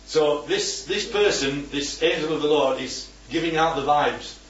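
Leading a Bible study with a small group, a man speaks unhurriedly in a somewhat high, slightly bright voice. He teaches through discussion, posing questions and checking in with "right?" and "yeah?", captured on a roomy, distant, dull-sounding recording.

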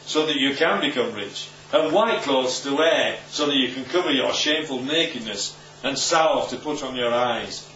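With a mid-range, fairly bright voice, this man leads an informal Bible talk, keeping it conversational and frequently turning to his listeners. The audio is roomy, distant and dull, with a bit of hiss or hum.

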